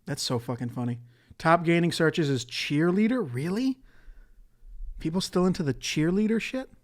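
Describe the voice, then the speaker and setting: A man's voice: fairly high pitch, animated, moderate pace. A man hosting a solo podcast in a casual, rambling way, swearing and laughing often. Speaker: podcast host.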